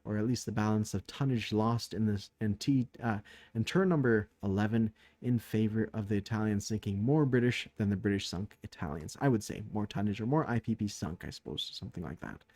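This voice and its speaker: A man's voice: on the low side, a little mellow, dry recording. A man casually recapping a turn of a strategy board game, thinking aloud with many fillers, tired late at night.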